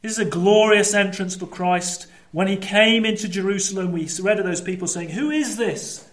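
A man preaching a sermon, animated, swinging between lively storytelling and low, emphatic asides. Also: a little fast. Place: church. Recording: echoey church room.

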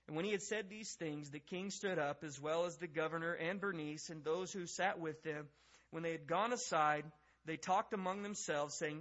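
A man's voice: a little high, normal speed, a bit bright. Man preaching a sermon, dull lo-fi sound. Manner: conversational preaching, acts out the speakers he quotes. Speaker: pastor.

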